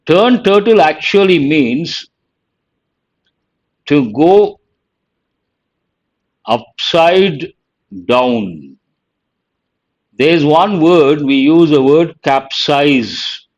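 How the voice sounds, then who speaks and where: A man's voice: fairly high pitch, slow, a little mellow, highs cut off. A man teaching a live online vocabulary lesson, reading out words one at a time and praising students by name.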